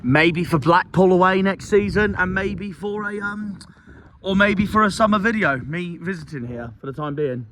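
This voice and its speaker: A young man from Cornwall talking casually in a football vlog, excitable and quick to shout and swear. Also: high voice, background noise. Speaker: football vlogger.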